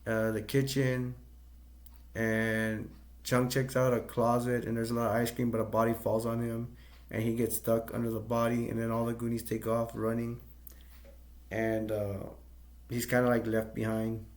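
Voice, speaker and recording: A man retelling a film scene by scene in a loose, rambling way, full of ums and restarts. His voice stays level and even, with little rise or fall. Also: mid-range voice, normal speed. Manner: rambling, hesitant, with many fillers and self-corrections. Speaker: movie reviewer. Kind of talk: casual movie plot recap.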